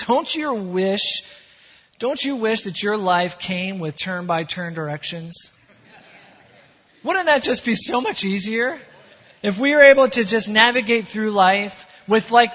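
A man's voice: high-pitched, slightly rough. A man preaching a sermon as pastor, conversational and joking with his congregation. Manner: conversational, self-deprecating humor. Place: church sanctuary. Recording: reverberant hall, dull lo-fi sound.

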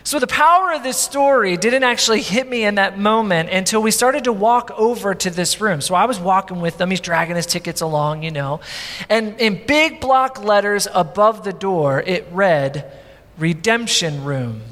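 A man's voice: high-pitched, normal speed, long reverb tail. A male pastor preaching a sermon in a conversational, storytelling way, acting out the people in his story. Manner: animated, conversational, acts out quotes.

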